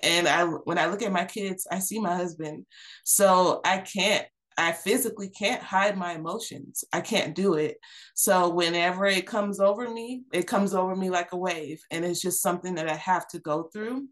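A woman in her thirties speaks as a podcast guest in a fairly low voice. She talks earnestly and reflectively, circling back with fillers and restarts as she finds her words. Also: moderate pace, fairly bright tone. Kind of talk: candid personal conversation.

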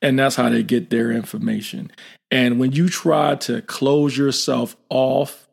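Gravelly, animated man. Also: medium pitch, measured pace. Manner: animated, acts out quoted dialogue. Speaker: military leader. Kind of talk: casual podcast chat.

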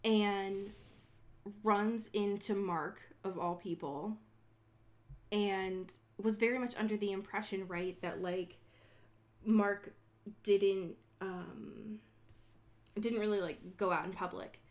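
A woman's voice: medium pitch, slow pace, long pauses. Casual, profane woman recapping a book. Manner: profane, animated, acts out characters' lines. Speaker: podcast co-host. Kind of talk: casual book discussion chat.

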